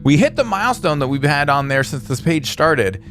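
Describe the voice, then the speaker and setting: A man's voice: a little high, big pitch swings, moderate pace. A young man casually commenting on his game in a playful, goofy way, with made-up words. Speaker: gaming video host. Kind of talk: casual let's-play commentary. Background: soft guitar music.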